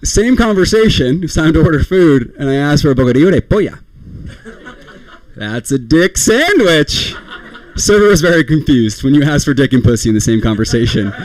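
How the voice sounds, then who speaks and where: Young man, stand-up set, self-deprecating, bouncy pitch, dry close sound. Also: animated, fast, hardly any pauses, darkish tone, no room sound. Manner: rambling, self-deprecating, laughs at own jokes. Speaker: stand-up comedian.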